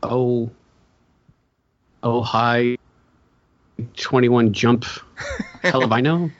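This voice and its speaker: A man's voice: medium pitch, extremely slow. A man co-hosting a casual podcast, joking, rambling and cutting himself off. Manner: rambling and self-interrupting, joking. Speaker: podcast co-host. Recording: dull lo-fi sound.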